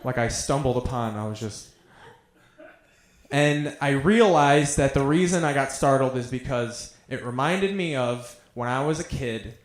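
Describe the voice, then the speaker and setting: A young man at a mid-range pitch works through a stand-up comedy set with profane, self-deprecating tales. His voice rings out in an echoey room. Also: expressive, a little slow.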